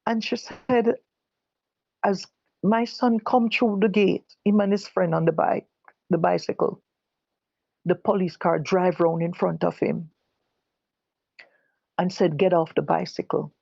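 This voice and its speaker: An older Jamaican woman giving personal testimony, halting and correcting herself as she recalls what others said. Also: on the low side, fairly even intonation, vocal fry, mellow, breathy edge, no echo, highs cut off. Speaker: guest telling her own story. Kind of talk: personal testimony told live.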